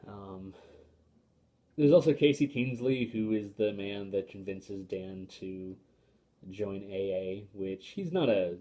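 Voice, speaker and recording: A man's voice: on the low side, takes it slowly, dark tone. A young man giving a casual spoken book review to camera, hesitant, with frequent fillers and restarts, and opinionated.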